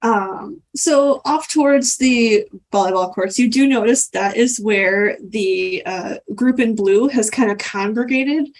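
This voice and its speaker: High-voiced woman GM, relaxed, filler-heavy narration. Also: takes it slowly, hardly any pauses. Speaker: game master. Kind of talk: narrating a tabletop game.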